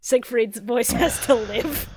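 A woman co-hosting a comedy podcast, talking quickly with giggles and sarcastic asides. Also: on the high side, darkish tone, husky. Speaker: podcast co-host. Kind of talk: casual comedy podcast chat.

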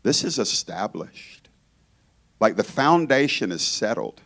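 A man from Georgia, guest preaching in a church, speaks slowly with a low, slightly bright voice, big pitch swings, and vocal fry. His informal sermon is conversational and humorous, and he often cuts himself off to restart his thoughts.

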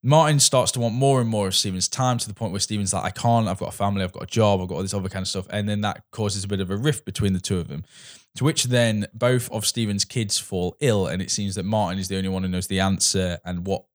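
A man reviewing a film in loose, casual chat. His voice sits fairly low, and he rambles, backtracks and starts sentences over as he goes. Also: fairly even intonation, fast, few pauses. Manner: rambling, restarts, acts out quoted dialogue.

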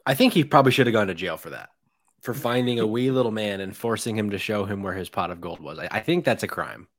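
A man's voice: fairly low pitch, fast talker. A man co-hosting a casual drinking podcast, making dry, matter-of-fact jokes. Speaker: podcast co-host.

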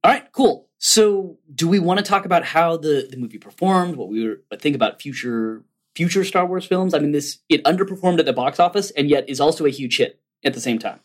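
A man's voice: fairly high pitch, animated, fairly quick. A man hosting a casual podcast chat, talking loosely and asking the others questions. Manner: chatty, asks the others questions. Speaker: podcast host.

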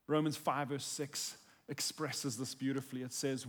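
A man preaching a sermon in a heartfelt way, moving between hushed passages and emphatic ones. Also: medium pitch, flat delivery, moderate pace, big-room sound. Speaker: pastor.

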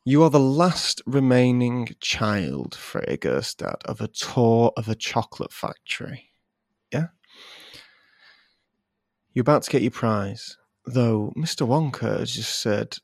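A man co-hosting a podcast, improvising silly comic stories in a playful, animated way and often breaking into giggles. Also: on the low side, a little slow, creaky, dry recording, studio quality. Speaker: podcast co-host.

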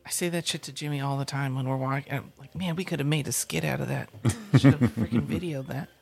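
A man's voice: medium pitch, steady tone, fast talker, vocal fry. A man co-hosting a morning show in casual chat, blunt and full of advice.

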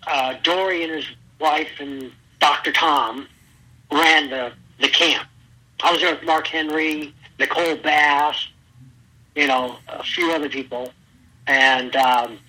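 A man's voice: a little high, husky, low-quality recording. A middle-aged man, a former pro wrestler, telling stories as an interview guest and acting out the lines of the people he quotes. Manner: animated storyteller, acts out quotes loudly. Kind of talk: storytelling interview.

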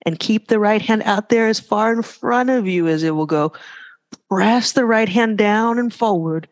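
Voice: mid-range voice, measured pace. Yoga teacher cueing poses in a reverberant studio. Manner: casual, joking asides between cues. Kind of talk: live class instruction.

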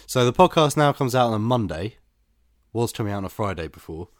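A man's voice: on the low side, lively intonation, fairly quick, no echo. A man co-hosting a podcast with a stuffy nose and head cold, chatting casually with dry, self-mocking banter. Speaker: podcast co-host. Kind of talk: casual chat.

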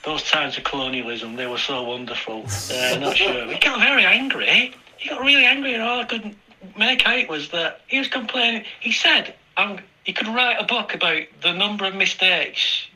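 A man's voice: high-pitched, lively intonation, normal speed, sharp tone, rough recording. A British man from the UK talking casually in a recorded voice message to a podcast, chatty and swearing a lot. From United Kingdom. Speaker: listener sending a voice message.

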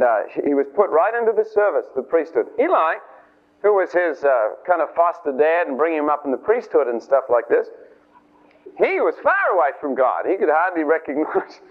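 Animated high-voiced preacher on tinny radio. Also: male voice. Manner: animated, chatty, acts out the story's voices. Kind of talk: informal sermon storytelling.

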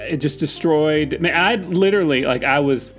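A man's voice: on the high side, moderate pace, fairly bright tone, faint music behind. A man co-hosting a podcast, telling stories in a chatty way and acting out quotes with gasps. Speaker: podcast co-host. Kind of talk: casual chat.

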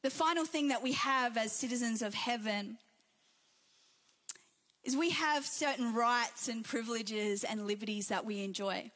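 A woman delivers a church sermon in a high, bright register. She preaches with fervour, stacking repeated phrases into a rising, rhythmic cadence. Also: unhurried. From Australia and New Zealand. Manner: fervent, repetitive preaching cadence.

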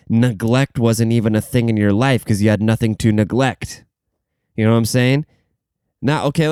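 A man's voice: mid-range voice, a little mellow, smooth, no room sound, clean studio sound. A young man hosting a podcast, rambling and swearing through casual stories, laughing at himself and saying he is tired. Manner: rambling, profane, laughs at his own stories. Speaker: podcast host.

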